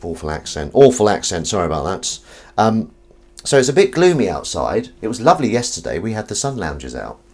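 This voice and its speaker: A man hosts a relaxed live stream, with a deep, low-pitched voice. He jokes with viewers all the way through, and his delivery is very animated, leaping from loud excited greetings to half-mumbled remarks to himself. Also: a little fast, husky. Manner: playful, jokey, swings between loud greetings and mumbled asides. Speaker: livestream host. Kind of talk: casual live-stream chat.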